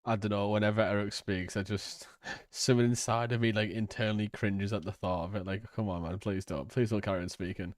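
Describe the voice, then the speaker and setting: Low-voiced man, rambling and crude. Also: steady tone, brisk, no room sound, clean studio sound. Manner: rambling, swearing, hesitant. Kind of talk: crude casual commentary.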